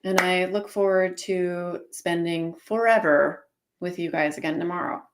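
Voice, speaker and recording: A woman's voice: fairly low pitch, fairly even intonation, a little slow, noisy background. A woman co-hosting casual live commentary on an online cycling race, chatty and explaining tactics with plenty of fillers.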